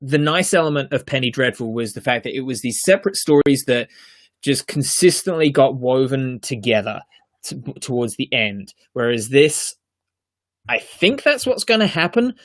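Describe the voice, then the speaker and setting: A man's voice: mid-range voice, animated, moderate pace, fairly bright tone. Earnest man reviewing a show. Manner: earnest, emphatic, many fillers and restarts. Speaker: podcast co-host reviewing a TV series. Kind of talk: casual review chat.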